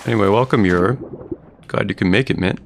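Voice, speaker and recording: A man's voice: on the low side, a little fast, vocal fry, a little hiss or hum. A man streaming a video game, rambling casually and chatting with his viewers as he plays. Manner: rambling, chatty, talks to viewers while playing. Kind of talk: casual gaming commentary. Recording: game music under the voice. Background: video game music.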